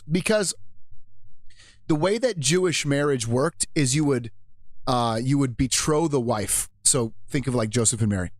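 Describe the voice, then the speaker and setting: A man's voice: mid-range voice, normal speed, no echo. A man hosting a live radio show, rambling casually and jokily about faith and his marriage, often laughing at himself.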